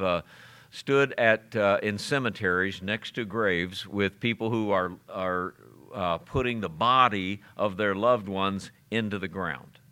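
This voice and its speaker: Male pastor, middle-aged, mid-pitched and bright, chatty sermon delivery. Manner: conversational preaching with fillers and chuckles.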